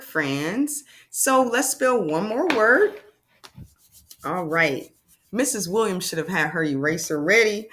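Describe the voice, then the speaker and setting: A woman's voice: mid-range voice, a bit bright, slight background noise. A woman teaching a children's phonics lesson, sounding out words and asking encouraging questions.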